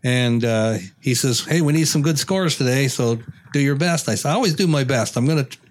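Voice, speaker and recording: An older man on a podcast who tells his stories plainly and without hurry, in a voice of average pitch. A faint hum of ambient noise sits behind him. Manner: plain, unhurried storytelling. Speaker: podcast host. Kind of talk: casual chat.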